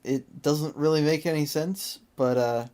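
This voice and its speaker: Animated podcast host in casual review chat. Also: medium pitch, a little slow. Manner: animated, exasperated, laughs often.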